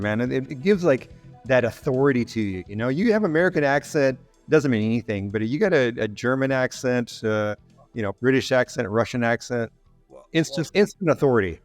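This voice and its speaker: An easygoing man hosting a podcast, talking in a relaxed, chatty way full of "you know" and "man". His voice sits at a middle pitch. It is recorded dry and close, with faint music in the background. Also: moderate pace, vocal fry, no echo. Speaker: podcast host. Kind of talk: casual interview chat.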